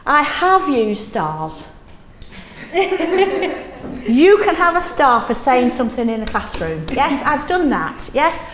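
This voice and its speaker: A middle-aged woman leading a teaching workshop in a classroom, lively, often checking in with "yes?". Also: high voice, slow, long pauses, reverberant, crowd noise. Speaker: teaching trainer.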